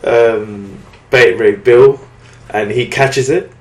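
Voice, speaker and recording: A British man recapping a comic book in casual chat, with lots of fillers, restarts and quick acted-out quotes. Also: lowish voice, reverberant. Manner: rambling recap with many fillers and restarts, acting out lines in quotes. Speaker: podcast co-host reviewing comics.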